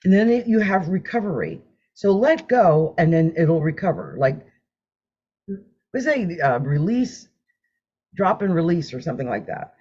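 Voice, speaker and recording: A woman's voice: fairly low pitch, measured pace, long pauses, husky. A chatty woman reading tarot cards on a live stream, laughing often and humming as she draws. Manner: chatty, animated, laughs often, hums while drawing cards. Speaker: tarot card reader. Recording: dull lo-fi sound.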